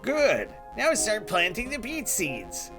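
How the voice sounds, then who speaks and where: A stern farm overseer barks out slow, clipped orders, as a man puts him on while reading game dialogue aloud. The voice sits a little higher than a man's usual talk and stays measured and bossy throughout the commands. Guitar music plays underneath. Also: wildly swooping pitch, exaggerated voice. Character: stern male overseer farmer working for a baron. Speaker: game character voiced by a let's player.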